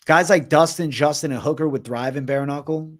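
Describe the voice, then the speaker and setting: A man's voice: a little high, fairly even intonation, a little fast. A young man hosting a casual MMA livestream Q&A, talking in a profane, slangy way and calling viewers bro.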